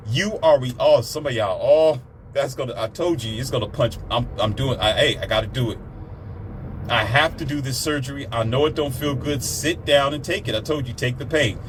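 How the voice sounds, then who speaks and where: Heated man, preachy ranting monologue, mid pitch, faint background noise. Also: moderate pace. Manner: heated, preachy, swears, mimics others in raised voice. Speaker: commentator.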